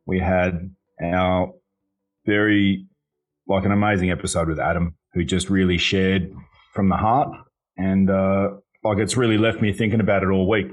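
Man, podcast host, casual chat, very deep voice, husky, upbeat, teasing. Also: flat delivery, normal speed.

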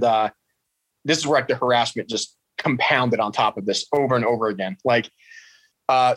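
A man's voice: mid-range voice, fairly bright tone, dry recording. A man in his thirties, a podcast guest, telling his story bluntly and animatedly, swearing freely. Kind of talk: casual storytelling interview.

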